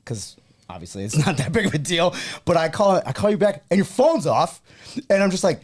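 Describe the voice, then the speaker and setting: A young man with a New England accent hosts a casual podcast chat. His voice swings widely in pitch as he tells stories, laughing and slipping into quoted voices along the way. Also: fairly quick. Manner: animated storyteller, laughing and dropping into quoted voices. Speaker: podcast host.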